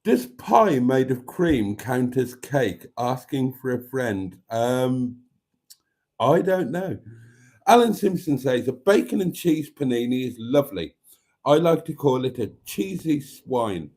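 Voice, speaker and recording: A man's voice: medium pitch, big pitch swings, slow, a little mellow. A man hosting a casual live stream, reading out viewer comments in a chatty, wry and self-mocking way.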